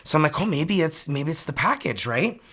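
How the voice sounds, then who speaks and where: A woman with a Canadian accent, a tarot reader telling her viewers a story in a chatty, animated way, full of "like" fillers, from her home studio. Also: low voice, moderate pace, breathy edge.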